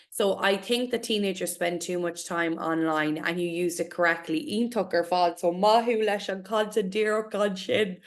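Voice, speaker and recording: A young Irish woman teaching a class and reading a poem aloud slowly and clearly. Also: medium pitch, fairly bright tone. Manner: encouraging, reassuring, models pronunciation slowly.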